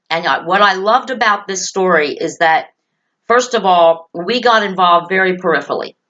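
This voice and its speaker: A woman's voice: on the low side, normal speed, bright, forceful tone. Earnest woman repeating reassurances, lo-fi sound. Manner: emphatic, repeats key phrases for reassurance. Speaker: host. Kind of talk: earnest direct talk to parents and children.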